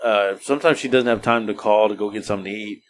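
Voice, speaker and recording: A middle-aged man sharing everyday stories on a casual podcast. He talks in a loose, relaxed way, often backing up and restarting his sentences. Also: fairly low pitch, fast talker. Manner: rambling, relaxed, restarts a lot. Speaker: podcast co-host. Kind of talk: casual storytelling chat.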